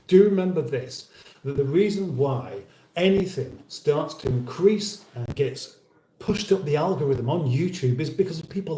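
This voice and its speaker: A man's voice: on the high side, dark tone, reverberant, rough recording. A middle-aged British man hosting a casual livestream, reading out viewer comments in a dry, wry, mock-formal way and sounding a little weary. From United Kingdom. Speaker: livestream host.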